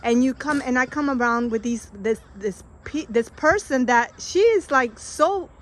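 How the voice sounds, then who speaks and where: A woman's voice: on the high side, lively intonation, unhurried. A woman, the host's wife, chatting casually and upbeat about something she went through. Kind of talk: casual chat.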